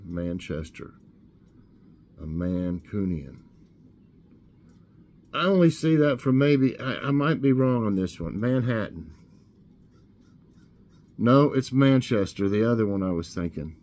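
A man hosting a casual trivia show, reading questions aloud and thinking out loud as he guesses. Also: lowish voice, takes it slowly, long pauses. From Tennessee. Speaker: host.

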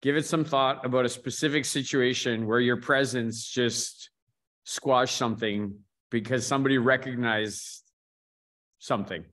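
A man hosting a relaxed martial arts podcast, with a middle-pitched, ordinary voice. He tells his stories plainly and turns the talk over to each guest in turn. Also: a little slow. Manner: storytelling, calls on guests in turn. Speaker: podcast host. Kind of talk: casual martial arts chat.

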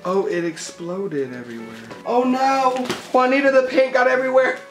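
An art vlogger chatting casually to camera at home, excitable and gushing. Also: high voice, normal speed. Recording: roomy echo with faint music.

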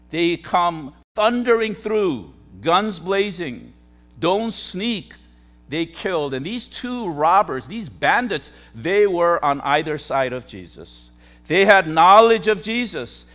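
A man preaching a sermon in a high voice. He swings between quiet, low passages and loud, emphatic declarations, repeating phrases for effect. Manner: dramatic preaching with sharp swings from loud to hushed. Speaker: pastor.

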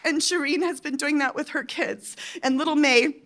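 A high-voiced woman delivers an emotional conference address, her voice catching as if she is fighting back tears. She pleads and presses her listeners with emphatic bursts, then drops suddenly into soft, hushed moments. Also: normal speed. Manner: swings between loud outbursts and soft near-whispers. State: tearful. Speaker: conference speaker.

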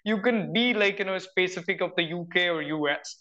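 A man's voice: sits high, fairly quick, sharp tone. A young Indian man with an Indian English accent, chatting earnestly as a guest and filling his talk with "like, you know". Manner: earnest, uses many "like, you know" fillers. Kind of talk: casual conversation. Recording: dull, lo-fi audio.

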